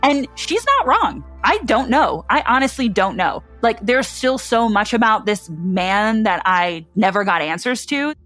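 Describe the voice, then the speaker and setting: A woman's voice: a little high, sing-song, a little slow, few pauses, fairly bright tone, faint music behind. Candid young woman telling her story. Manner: chatty, many "like" fillers, acts out quotes.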